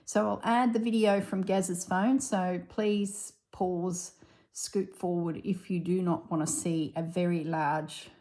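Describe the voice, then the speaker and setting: A middle-aged woman chats through her crafting vlog with a mellow, lowish voice. She rambles happily, laughs often, and tells stories in a relaxed, homely way. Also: a little slow. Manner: chatty, laughing, rambling storytelling. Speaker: crafting vlogger. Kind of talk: casual chat while crafting.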